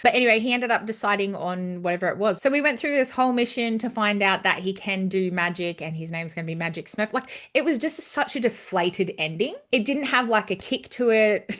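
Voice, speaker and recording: A woman's voice: mid-range voice, lively intonation, brisk, fairly bright tone. A woman in her thirties giving a blunt, ranting movie review who swears freely. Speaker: film reviewer. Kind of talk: casual spoken movie review.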